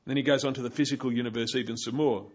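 A man's voice: mid-range voice, fairly even intonation, racing, a little mellow, slightly rough, dull audio. A man giving a Bible teaching, explaining passages and pointing his listeners to verse after verse.

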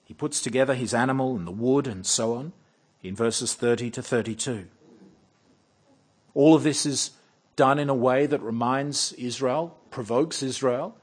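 A man preaching a sermon, animated and wryly mocking, swinging from loud bursts to hushed, slow lines. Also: medium pitch, breathy edge. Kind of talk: expository sermon.

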